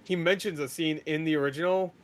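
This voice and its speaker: A young man hosting a podcast, rambling and swearing as he recaps a movie and acts out the characters in quick paraphrase. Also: fairly high pitch, fairly even intonation. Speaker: podcast host.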